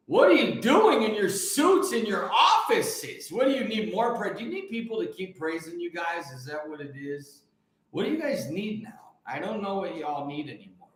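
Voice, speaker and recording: A man giving a rousing, preachy monologue, shifting between shouts and low mutters and breaking into song. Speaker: host. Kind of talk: fiery motivational monologue. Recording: very echoey room.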